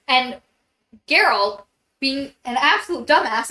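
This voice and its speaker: Bright-voiced woman chatting in an echoey room. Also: mid-range voice, moderate pace, slight background noise. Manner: retells plot loosely with many fillers. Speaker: book podcast co-host. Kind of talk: casual book club chat. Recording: roomy echo.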